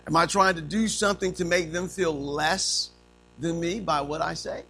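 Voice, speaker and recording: A man in his fifties delivers a sermon, spinning funny stories and acting out the voices of the people in them. His voice is fairly high and creaky, at a moderate pace, and the storytelling is animated and humorous.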